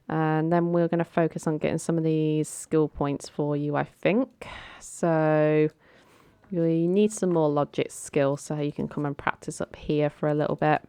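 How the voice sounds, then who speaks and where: Low-pitched young woman, casual game commentator, chatty and coaxing, dry close sound. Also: darkish tone, clean tone, no echo. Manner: chatty, coaxing her game characters, giggles often. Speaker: gaming channel host.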